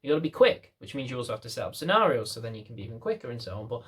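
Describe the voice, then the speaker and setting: A man's voice: mid-range voice, expressive, fast. A young man, a dog trainer, talking casually to camera in a blunt, rambling, self-mocking way.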